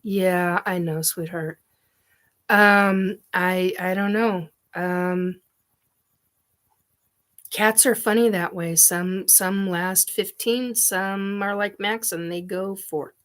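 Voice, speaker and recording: A woman's voice: mid-range voice, steady tone, takes it slowly, fairly bright tone. A middle-aged woman hosting a casual live chat, rambling with many ums and laughs as she reads viewer comments. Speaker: livestream host.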